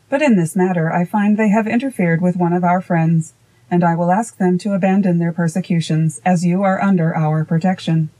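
A woman reading voicing an ancient, wise male master of the forest, grave and deliberate. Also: fairly low pitch, dark tone, natural voice, low-quality recording.

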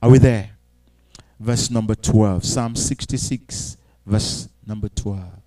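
A man preaching a sermon with call-and-response, moving between quiet reading and shouted cries. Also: lowish voice, fairly even intonation, takes it slowly, low-quality recording. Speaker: pastor.

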